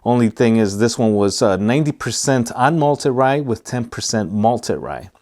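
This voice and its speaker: A man with a Hispanic American accent hosting a casual whiskey review vlog, talking in a relaxed, rambling way with many fillers. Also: medium pitch, moderate pace. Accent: Hispanic American English. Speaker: whiskey reviewer, channel host.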